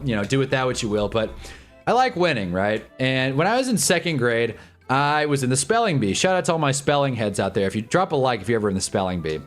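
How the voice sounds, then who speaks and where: A man's voice: medium pitch, fairly bright tone. A young man hosting a livestream, telling a story in a casual, profane, mock-outraged way. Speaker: livestream host.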